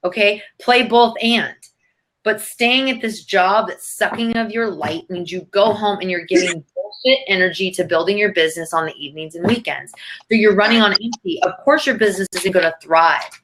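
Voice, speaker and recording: A woman's voice: mid-range voice, moderate pace, background noise. A woman giving emphatic, preachy motivational advice in an interview, swearing freely. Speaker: guest coach.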